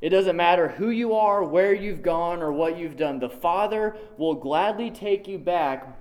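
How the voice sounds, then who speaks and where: A male preacher with a slightly high voice delivers a sermon in an emphatic, conversational way. He repeats his key lines for weight and drops casual asides as he walks through a scripture reading. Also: measured pace, few pauses, a little mellow. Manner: conversational, dotted with "like".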